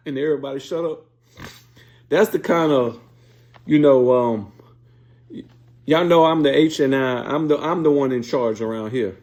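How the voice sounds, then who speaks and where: A man's voice: medium pitch, a little fast, darkish tone. A man hosting a sports show, giving blunt, profane, fired-up casual opinion commentary.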